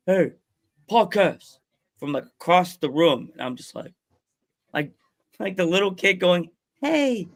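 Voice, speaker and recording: A man hosting a wrestling podcast, telling stories in a casual, excitable way, often stumbling over his words and laughing. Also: mid-range voice, creaky. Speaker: podcast host. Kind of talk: casual chat, storytelling.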